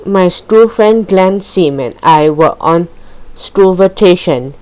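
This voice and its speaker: Slow, low-voiced female story reader. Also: expressive, a little mellow, poor audio. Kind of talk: reading a children's story aloud.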